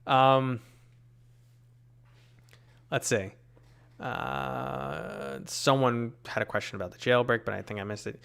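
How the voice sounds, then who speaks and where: A man's voice: mid-range voice, steady tone, takes it slowly, gravelly, long pauses, fairly bright tone, clean tone. A man from New York City with a New York accent, casually answering live chat questions, full of fillers and tangents. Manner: rambling, many fillers, reads chat aloud.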